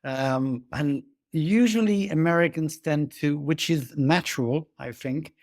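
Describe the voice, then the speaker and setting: A man hosting a conversation, gentle and halting, often trailing off softly. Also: a little high, dry recording, clean studio sound. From born in Belgian Congo. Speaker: host. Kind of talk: casual conversation.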